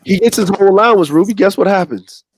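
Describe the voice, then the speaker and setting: A man's voice: high-pitched, fast talker, breathy edge. A man telling a funny story in casual chat, acting out voices as he goes. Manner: animated, acts out voices in his stories. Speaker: co-host.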